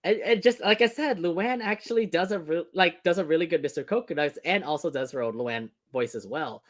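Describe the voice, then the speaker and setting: A man's voice: a little high, a little fast. A man co-hosting a casual movie review chat, laughing often and rambling with fillers. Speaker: co-host.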